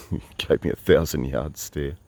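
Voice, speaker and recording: Very deep-voiced wry Australian man. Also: steady tone, unhurried, darkish tone, dry recording. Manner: meandering, wry, full of asides and restarts. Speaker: travelling storyteller. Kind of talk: casual spoken monologue.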